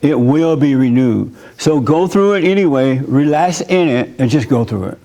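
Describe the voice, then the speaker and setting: A pastor giving an informal church sermon, talking conversationally, laughing often and telling personal stories. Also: male voice, medium pitch, animated, moderate pace, dark tone.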